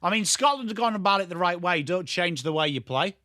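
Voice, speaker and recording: Yorkshire bloke live reacting to the match, swears a lot, talks to chat, voice pitched a bit high. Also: male voice, a little fast, no echo, studio quality. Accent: Yorkshire English. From Yorkshire, England. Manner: excitable, sweary banter addressed to chat viewers. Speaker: watchalong streamer. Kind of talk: live football watchalong commentary.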